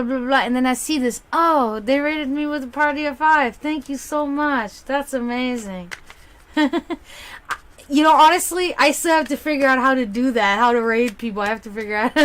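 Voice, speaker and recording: Bubbly German-accented woman. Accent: German with a slight Slavic touch. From half German, half Serbian. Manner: chatty, bubbly, quick swings in pitch and loudness. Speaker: psychic reader and livestream host. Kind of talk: casual livestream chat.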